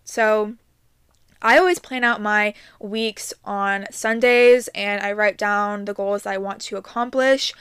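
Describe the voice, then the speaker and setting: A woman's voice: medium pitch, steady tone, measured pace, fairly bright tone, smooth, no room sound, clean studio sound. A young adult woman hosting her own podcast, giving casual upbeat advice with many ums and likes. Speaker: podcast host.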